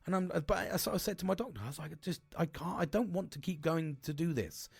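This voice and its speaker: A man's voice: on the high side, fast talker, vocal fry, slightly rough, dry recording. A middle-aged man talking openly and emotionally about his struggles, rambling with many restarts and frequent swearing. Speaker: podcast host. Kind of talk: candid personal talk.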